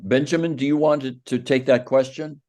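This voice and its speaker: A man's voice: medium pitch, fairly even intonation, fairly quick, a little mellow. A man moderating a forum, a little hesitant and apologetic, with many fillers.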